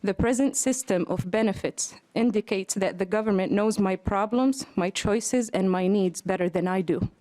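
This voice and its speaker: A woman's voice: medium pitch, moderate pace, hardly any pauses, dark tone. Earnest, breathless woman giving testimony. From Africa. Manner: earnest, emphatic. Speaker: testifier at a hearing. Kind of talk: read testimony at a hearing. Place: legislative committee hearing room.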